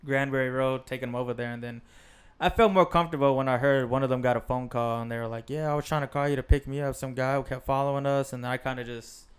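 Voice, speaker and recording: Young guy talking fast about a nervous drive, smooth clear voice. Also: medium pitch, fairly even intonation. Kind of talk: casual storytelling chat.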